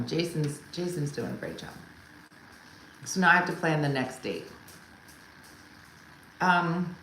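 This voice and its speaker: Her voice is very deep as she hosts a casual live comedy stream from a home room, chatting with viewers, answering their comments, and telling wry, exasperated stories about her partner, loudly imitating her husband. The room is echoey, with a faint ambient hum.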